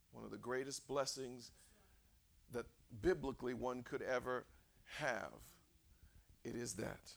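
A man preacher delivering a sermon, animated and quizzing his congregation with direct questions. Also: medium pitch, creaky.

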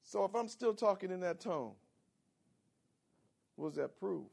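A man preaching a sermon as pastor, animated and calling on the congregation for responses. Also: high voice, unhurried, gravelly, slightly rough. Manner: animated, calls for audience responses.

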